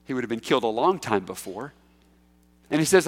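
A man preaching a sermon in a conversational, emphatic way, with big swings in pitch and loudness. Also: lively intonation, moderate pace. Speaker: pastor. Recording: echoey hall.

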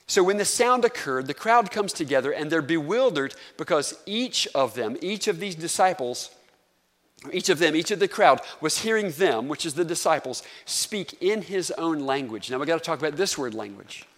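A Southern man with a North Carolina accent preaches to his congregation in an easy, conversational way and often throws questions out to the pews. His voice sits a little higher than most men's, and it rings out with a long reverb through the sanctuary. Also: animated, normal speed, a bit bright. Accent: Southern American, North Carolina. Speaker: pastor. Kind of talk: sermon.

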